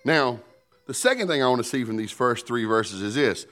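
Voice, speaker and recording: Male pastor, middle pitch, very animated swings. Playful, chatty preaching with call-and-response. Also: moderate pace. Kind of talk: sermon.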